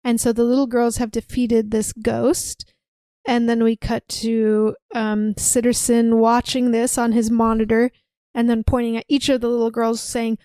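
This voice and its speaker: A young woman with a somewhat high voice speaks at a measured pace, level in tone and dark in timbre, with no room sound. Co-hosting a podcast, she casually recaps a film's plot like a breezy storyteller, acting out the quotes as she goes.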